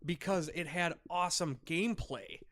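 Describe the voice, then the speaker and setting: A man's voice: on the high side, moderate pace, a bit bright. A young man co-hosting a casual podcast, talking hesitantly with frequent restarts as he reasons his way through a point. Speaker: podcast co-host. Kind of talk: casual chat.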